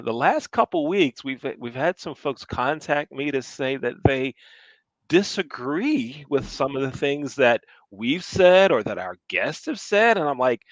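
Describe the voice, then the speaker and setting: Male podcast co-host, animated and upbeat, dry close-mic sound, stumbles over starts. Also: medium pitch, dry recording. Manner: upbeat, repeats words when starting sentences. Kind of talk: casual chat.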